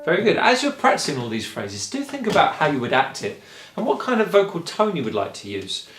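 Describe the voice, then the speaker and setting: A man's voice: fairly high pitch, wildly swooping pitch, a little fast, fairly bright tone. Male singing coach, patient explainer, roomy echo, faint music. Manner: encouraging, explains step by step. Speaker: singing teacher. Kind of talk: vocal lesson.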